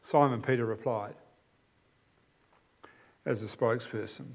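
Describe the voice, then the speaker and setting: A man's voice: mid-range voice, unhurried, gravelly. A man preaching a sermon, explaining a passage with emphatic, repeated phrases.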